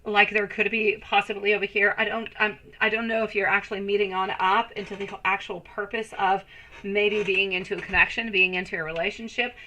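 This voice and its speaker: A woman in her thirties hosts a live tarot reading, rambling warmly between cards and viewer greetings. Her voice is bright and ringing at a middle pitch, and she keeps calling her viewers sweetie and my love. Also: poor audio. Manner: chatty, rambling. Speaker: tarot reader.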